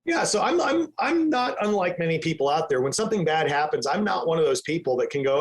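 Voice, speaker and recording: A man's voice: on the high side, big pitch swings, a little fast. A man answering podcast interview questions with emphatic energy, sometimes acting out his own inner voice. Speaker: real estate team leader, podcast guest.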